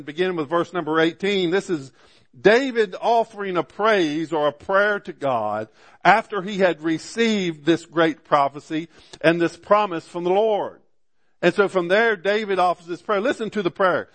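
A male pastor preaching a sermon, with frequent "amen"s and rhetorical questions to the congregation, slowing down to stress scripture and repeating words as he goes. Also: fairly high pitch. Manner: slows down to stress scripture quotes; repeats words and restarts often.

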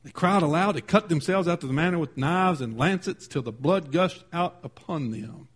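A male preacher retelling a scripture story in a sermon. He talks emphatically, swinging from loud declarations to hushed readings of old scripture wording. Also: on the high side, normal speed, slightly rough.

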